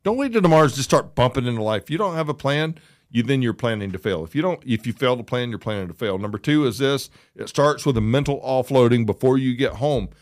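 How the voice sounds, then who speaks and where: A man's voice: medium pitch, expressive, quick pace. A man co-hosting a casual talk show, speaking emphatically and repeating phrases to drive points home. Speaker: podcast co-host. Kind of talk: casual chat.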